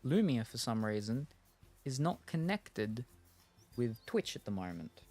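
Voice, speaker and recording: A man's voice: mid-range voice, sing-song, measured pace, mellow, faint music behind. A man streaming a game, chatting casually and thinking aloud, with lots of fillers and restarts. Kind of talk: casual chat while gaming.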